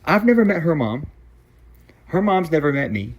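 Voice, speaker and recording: A man in his twenties casually telling a story, quick and full of "like" fillers. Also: fairly high pitch, very animated, a loud crowd. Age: 20s. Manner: fast, filler-heavy, lots of "like". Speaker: vlogger.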